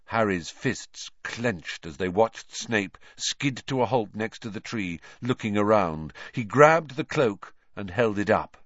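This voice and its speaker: A male audiobook narrator with a mid-pitched voice that rises and falls in a lively, animated storytelling style. The recording is dry and close, with a slightly dull, muffled top end. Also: measured pace, hardly any pauses, dry recording. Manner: expressive, animated reading.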